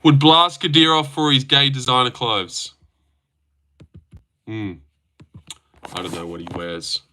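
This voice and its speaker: A man's voice: mid-range voice, slow, sharp tone. A young man hosting a casual livestream, bantering with his chat in a crude, teasing way and swearing often. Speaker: livestream host.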